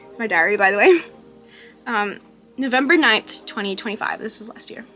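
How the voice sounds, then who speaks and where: A young woman talking candidly in a personal vlog about living with chronic illness, halting and full of fillers, with soft laughs. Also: fairly high pitch, lively intonation, soft background music. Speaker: vlogger.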